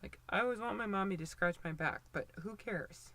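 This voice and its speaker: A woman's voice: medium pitch, brisk, fairly bright tone, dry recording. A woman in her twenties giving casual, opinionated commentary, rambling with lots of fillers and restarts. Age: 20s.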